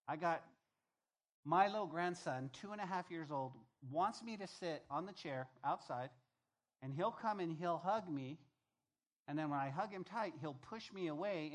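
A man's voice: a little high, moderate pace. An older man preaching a sermon, reading scripture aloud and breaking off into conversational asides and stories for his congregation. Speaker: pastor.

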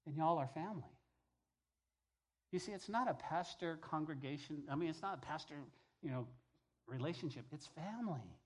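Animated male pastor preaching. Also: fairly high pitch, moderate pace, long pauses. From New Mexico. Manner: animated, acts out voices, shifts between loud calls and quiet asides. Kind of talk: sermon. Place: church sanctuary.

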